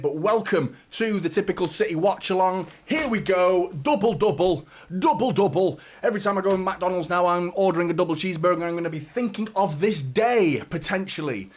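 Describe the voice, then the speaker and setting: A man hosts a football fan stream in a loose, excitable chat that rambles from point to point. He swears casually and speaks in a fairly high voice. The delivery is relaxed and conversational throughout. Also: quick pace, hardly any pauses.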